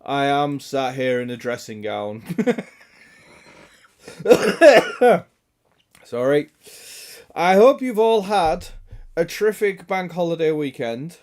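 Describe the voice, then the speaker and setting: A man with a hoarse, raspy throat from illness, chatting casually and greeting viewers on a game stream, joking and swearing. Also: on the high side, a little mellow. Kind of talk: casual live-stream chat.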